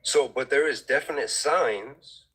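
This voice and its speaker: A man on a discussion panel, explaining his point in a measured, step-by-step way. His voice is bright and carries a husky edge. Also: mid-range voice, rough recording. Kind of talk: casual discussion.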